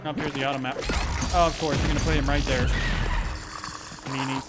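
A man giving casual, jokey commentary while playing a video game, breaking into excited exclamations. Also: a little high, racing. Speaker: let's play streamer. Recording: loud game music behind voice. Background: game soundtrack and sound effects.

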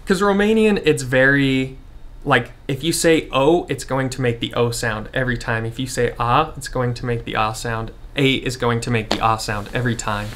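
A man's voice: medium pitch, normal speed, slight background noise. A man in his twenties with an American accent, explaining things casually to camera with plenty of fillers. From Utah, United States. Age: 20s. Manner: relaxed, informal, many fillers. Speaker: vlogger.

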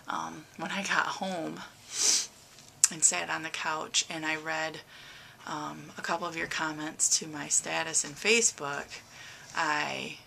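Woman vlogger, middle-aged, gravelly fry, bright edge, rambling and emotional, faint background hiss. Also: lowish voice. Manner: rambling, emotional, many fillers. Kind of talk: casual personal update.

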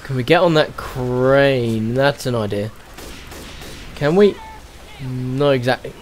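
A man's voice: medium pitch, a little slow, a little hiss or hum. A young man from England giving casual commentary while playing a game, muttering wry asides and swearing. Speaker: gaming streamer.

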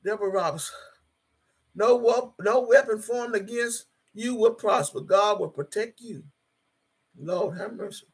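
A woman's voice: medium pitch, a little slow, breathy edge. A woman in her sixties on a livestream, reading viewer comments aloud and preaching emphatically, repeating her phrases. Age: 60s. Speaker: livestreaming YouTuber.

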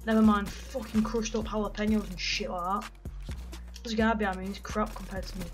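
A teenage boy giving excitable gaming commentary, yelping and swearing freely as he plays. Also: sits high, fairly quick, over music. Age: teens. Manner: excitable, loud, swears a lot, yelps in pain. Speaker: gaming YouTuber.

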